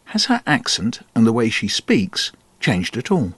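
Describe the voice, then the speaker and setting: A man conducting a radio feature interview, asking measured, inquisitive questions. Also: medium pitch, huge pitch swings, fairly bright tone, breathy edge.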